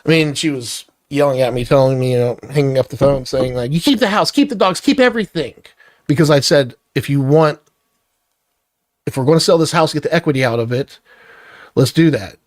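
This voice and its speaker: A middle-aged man ranting into the camera, his voice heated and full of profanity. He sounds close and dry, with no room echo, at an ordinary mid pitch. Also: fairly even intonation, a little fast, a little mellow. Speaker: vlogger. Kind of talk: angry personal rant to camera.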